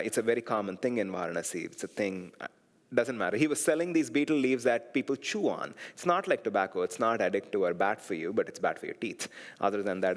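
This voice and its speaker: A man teaching a class, telling stories in a reflective, digressive way and laughing softly now and then. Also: medium pitch, long reverb tail. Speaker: meditation teacher. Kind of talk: storytelling class lecture.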